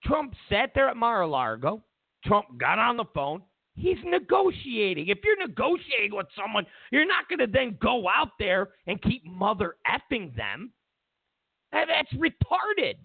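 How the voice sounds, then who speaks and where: A man's voice: sits high, sing-song, moderate pace, vocal fry, slightly rough, dry recording. Heated, mocking man on a tinny line. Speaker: talk show host. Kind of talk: ranting political monologue. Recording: tinny phone-like sound.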